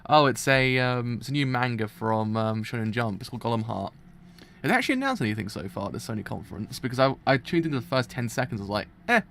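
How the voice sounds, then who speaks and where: A man's voice: mid-range voice, animated, fast, gravelly, fairly bright tone, slight background noise. A man hosting a casual manga reaction, rambling and often stumbling over and repeating his words.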